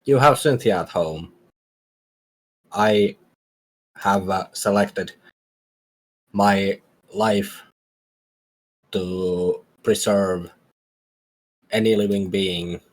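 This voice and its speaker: Man playing a slow, stoic sneak expert. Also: low voice, full character voice, rough recording. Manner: slow, halting, measured. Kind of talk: tabletop game character voice.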